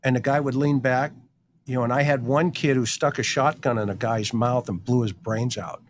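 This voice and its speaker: A man's voice: medium pitch, fairly even intonation, normal speed, a little hiss or hum. A middle-aged man, a former detective, telling blunt, wry stories in casual chat and acting out the quotes. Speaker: retired detective guest.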